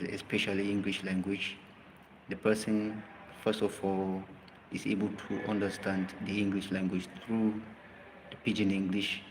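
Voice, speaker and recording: A man's voice: deep voice, in a large hall, slight background noise, poor audio. A man teaching a language lesson, hesitant with many fillers, spelling words out letter by letter. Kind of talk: live language lesson talk.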